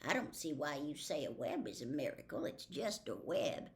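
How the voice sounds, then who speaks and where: A woman's voice: deep voice, big pitch swings, normal speed. A woman reading a fretful farm mother. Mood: anxious. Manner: anxious, fretful. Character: worried middle-aged farm mother.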